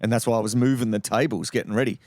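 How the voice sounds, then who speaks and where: A man's voice: medium pitch, fairly even intonation, darkish tone. Australian man telling rambling, sweary stories. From Western Australia. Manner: swears often, fast rambling anecdotes. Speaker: podcast guest. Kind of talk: casual storytelling.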